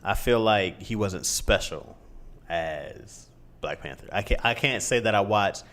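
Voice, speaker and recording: A man's voice: lowish voice, a little slow. Casual-talking man, blunt opinions. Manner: blunt, animated opinions, quotes himself. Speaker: podcast co-host. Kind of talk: casual chat.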